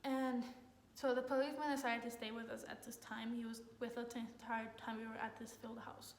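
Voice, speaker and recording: A young woman, a college student, excitedly retells a story in a casual, rambling way, saying "like" constantly. Her voice sits on the high side and moves briskly. The room is echoey, with faint noise in the background.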